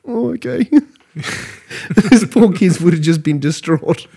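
A middle-aged Australian man with a slightly higher voice than most men. He tells stories in a relaxed podcast chat, often laughing through the funny parts and swearing freely. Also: slow pace. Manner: animated storyteller, laughs often, coarse language. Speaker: podcast co-host. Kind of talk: casual chat.

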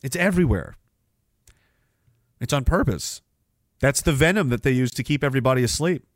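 A man's voice: medium pitch, expressive, moderate pace, dry recording, studio quality. A man hosting a podcast, delivering rambling political commentary in a sarcastic, profane way. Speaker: podcast host. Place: Canada.

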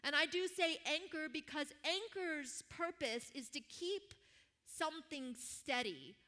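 Bright-voiced woman preacher in her fifties. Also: sits high, animated, measured pace. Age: 50s. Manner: warm storytelling with laughs and prayer. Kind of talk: sermon with personal story.

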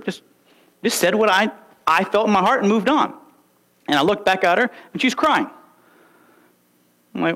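A man's voice: high voice, expressive, moderate pace, long pauses, a bit bright. A young man preaching a sermon, emphatic and full of rhetorical questions and stories. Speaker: pastor.

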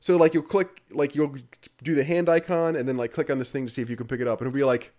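Speaking quickly in a steady, slightly mellow mid-range voice, a man gives a critical game review that wanders casually. It's dry in tone, packed with filler words and punctuated by frequent laughs.

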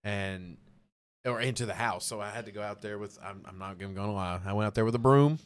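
A man's voice: lowish voice, fast talker, clean tone. A man, a podcast guest telling a story in a rambling, casual way, full of fillers and laughter. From Arkansas. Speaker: podcast guest, band vocalist.

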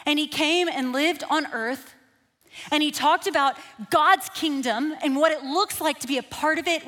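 A woman, a kids pastor preaching a sermon through lively, self-deprecating storytelling. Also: sits high. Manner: animated, self-deprecating, builds to emphatic peaks. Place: church. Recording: long hall reverb.

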